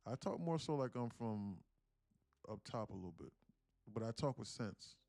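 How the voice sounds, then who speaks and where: A man's voice: lowish voice, expressive, normal speed, creaky, darkish tone, no echo. Sarcastic rambling young man, dry sound. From South Carolina, USA. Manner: sarcastic, rambling, many restarts. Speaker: day trader and live streamer. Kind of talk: casual live-stream chat.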